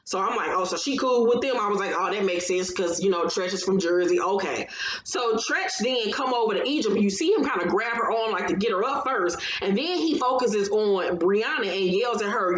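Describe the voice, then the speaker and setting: Animated woman recapping reality TV. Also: mid-range voice, normal speed. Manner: animated, profane storytelling with acted-out quotes. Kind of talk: casual TV episode recap. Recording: roomy echo, faint background noise.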